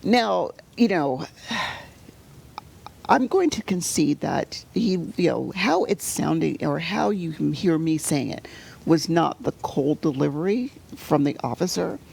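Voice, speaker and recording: Gravelly middle-aged woman, halting and soft. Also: low voice, lively intonation. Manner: halting, full of "you know" fillers and restarts; drops to a soft near-whisper at painful moments. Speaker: guest. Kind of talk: emotional personal storytelling in conversation.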